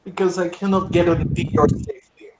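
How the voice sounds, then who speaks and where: A man voicing a formal, courtly male noble fae in a tabletop role-play, speaking stately and measured. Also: sits high, fairly even intonation, noisy background, voice pushed up, close to an everyday voice. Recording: echoey room.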